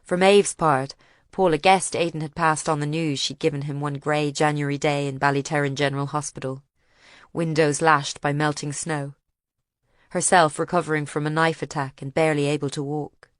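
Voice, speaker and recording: A woman's voice: low voice, level tone, normal speed, no echo, studio quality. Woman narrating an audiobook. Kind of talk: scripted narration.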